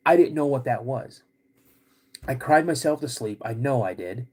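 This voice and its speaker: A podcast host telling a personal story in a halting, casual way, with many restarts. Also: male voice, medium pitch, expressive, darkish tone, breathy edge.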